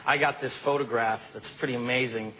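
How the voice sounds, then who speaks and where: A male actor being interviewed who tells stories in a relaxed, animated way, often saying "you know" and "man.". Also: mid-range voice, fairly quick, low-quality recording. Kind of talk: casual interview storytelling.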